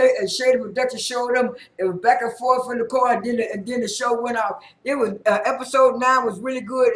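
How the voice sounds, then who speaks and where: A woman giving a casual spoken recap of a TV episode, rambling with frequent repeats and restarts. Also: on the high side. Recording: roomy echo.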